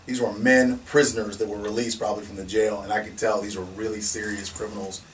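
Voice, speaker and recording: A man telling stories in a casual conversation as the founder of a security company, animated and laughing, often restarting and acting out what people said. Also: on the low side, fast. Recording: distant mic with faint noise.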